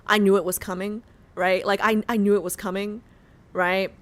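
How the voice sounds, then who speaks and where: A young woman streaming a game, chatting casually and excitably, swearing and filling with "like". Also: medium pitch, normal speed. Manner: excitable, swears a lot, fills with "like". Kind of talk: casual gameplay commentary.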